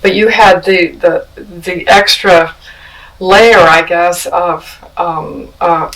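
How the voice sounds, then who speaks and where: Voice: mid-range voice, steady tone, slow, fairly bright tone, far from the mic, poor audio. A parish podcast host responding to a guest with empathy and affirmation.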